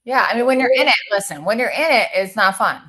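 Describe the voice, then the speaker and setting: A woman's voice: a little high, expressive, fast, a bit bright. A woman hosting a casual webinar conversation, chatty and enthusiastic, affirming her guest as she talks. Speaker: webinar host.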